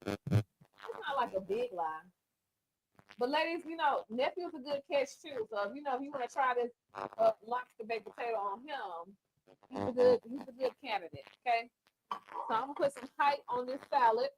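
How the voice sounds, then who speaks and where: A woman's voice: sits high, huge pitch swings, normal speed, slight background noise, low-quality recording. A woman hosting a live cooking show, chatting and teasing her guests in a playful way.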